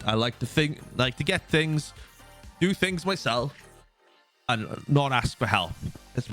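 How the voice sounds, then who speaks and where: A man in his thirties telling a story on his stream, venting and swearing heavily. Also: medium pitch. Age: 30s. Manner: animated venting, heavy swearing. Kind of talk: casual livestream storytelling.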